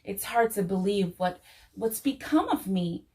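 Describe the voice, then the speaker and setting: A woman voicing a small, frightened seed as a child-like boy, pleading in a high, tearful voice in a storybook tale. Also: animated, unhurried, mellow. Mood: wondering.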